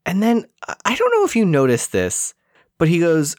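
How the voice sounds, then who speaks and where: Dude on a podcast, dry close sound, wry storytelling, swears a bit. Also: male voice, fairly high pitch, huge pitch swings, moderate pace, dry recording. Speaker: podcast co-host. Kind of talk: casual chat.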